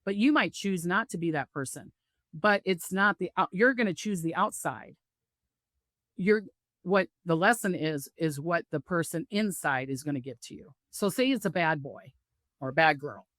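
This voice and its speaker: Middle-aged psychic lady chatting, animated, plays the voices in her stories, dry sound. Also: fairly low pitch, normal speed, no room sound. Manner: animated storyteller acting out quoted voices. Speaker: psychic medium guest. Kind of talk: casual spiritual interview talk.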